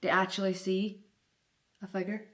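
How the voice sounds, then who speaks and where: A woman's voice: mid-range voice, flat delivery, normal speed. A woman on a ghost hunt in an old castle at night, speaking in a matter-of-fact but uneasy way. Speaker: paranormal investigator. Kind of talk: casual ghost-hunt chat.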